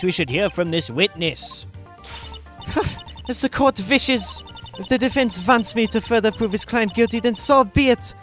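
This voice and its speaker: A man putting on a shrill haughty lady prosecutor. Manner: imperious, sneering, shouting accusations. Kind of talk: reading a game script aloud.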